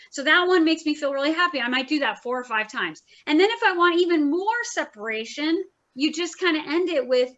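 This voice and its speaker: High, bright-voiced woman teaching coping tools. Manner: chatty, earnest, uses filler words and repeats phrases. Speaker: therapist teaching a workshop. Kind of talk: informal lecture presentation. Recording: slightly dull, muffled recording.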